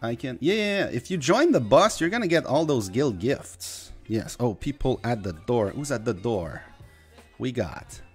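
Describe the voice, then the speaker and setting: A man's voice: mid-range voice, sing-song, moderate pace, breathy edge, soft background music. A man streaming a mobile game, chatting casually with viewers and welcoming them as he plays. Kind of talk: casual live-stream chat.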